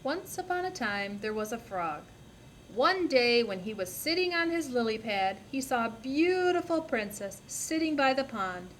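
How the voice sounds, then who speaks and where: A young woman student reading a storybook aloud in a steady, clear narrating style. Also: fairly high pitch, moderate pace, a little hiss or hum, poor audio. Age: young adult.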